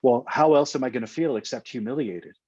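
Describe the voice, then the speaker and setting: A male coach giving an energetic online talk, emphatic and blunt, with casual swearing and acted-out quotes. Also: medium pitch, brisk, slightly rough, no echo, muffled recording. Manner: acts out quoted voices. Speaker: motivational coach and speaker.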